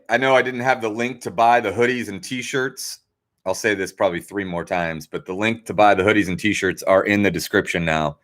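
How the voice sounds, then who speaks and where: A man's voice: lowish voice, fairly bright tone. A man hosting a trivia livestream from home, chatting casually and rambling from topic to topic. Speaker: trivia host.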